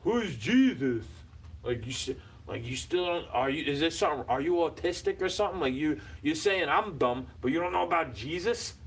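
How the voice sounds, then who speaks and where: A man with a slightly high-pitched voice rants straight at the camera. He is combative and profane, dropping to low mutters before building into shouted outbursts. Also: animated, a little fast, husky. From United States. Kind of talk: profane ranting monologue.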